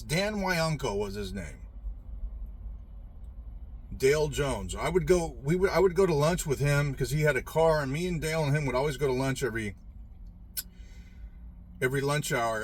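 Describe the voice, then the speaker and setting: A man's voice: a little high, fairly bright tone, slightly rough. A middle-aged man telling a personal story in a rambling, profane, emphatic way, with frequent restarts. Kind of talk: casual storytelling monologue.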